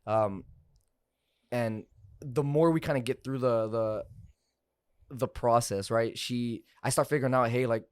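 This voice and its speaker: A man's voice: medium pitch, unhurried, long pauses, smooth, dry recording, studio quality. A young man, a car salesman and podcast guest, telling a story in loose, profane casual chat. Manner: loose, profane, lots of fillers like "like" and "bro".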